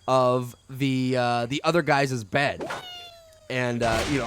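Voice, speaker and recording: A man's voice: mid-range voice, a little hiss or hum. A man telling a story in casual let's-play commentary, rambling with many fillers. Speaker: video game commentator.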